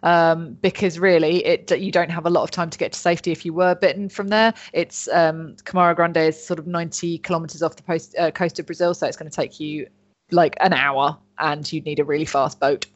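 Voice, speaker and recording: A woman's voice: low-pitched, steady tone, brisk. Chatty woman telling a story. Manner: chatty, jokey, swears casually. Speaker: podcast host. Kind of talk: casual chat, telling a story. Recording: dull lo-fi sound.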